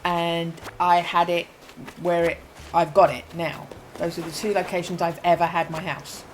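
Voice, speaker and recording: A woman's voice: on the low side, level tone, moderate pace, slight background noise, low-quality recording. Chatty Essex woman in her fifties. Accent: Essex English, softened by parental correction. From England, Essex. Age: 50s. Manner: chatty, thinks aloud with ums and self-corrections. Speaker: game streamer. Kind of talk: casual gameplay commentary.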